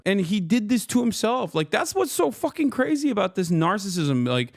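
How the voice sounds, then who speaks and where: A man's voice: high-pitched, very animated, a little fast, hardly any pauses, no echo, clean studio sound. A male streamer in a heated reaction rant, angry, swearing, and mocking.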